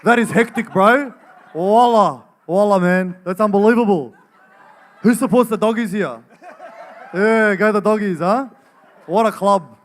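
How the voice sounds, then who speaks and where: A man's voice: high-pitched, measured pace, pauses often, pitched above the performer's own voice. An actor putting on a brash young western Sydney man's voice and slang for laughs. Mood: boisterous. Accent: Western Sydney Lebanese-Australian slang put on. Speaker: guest actor.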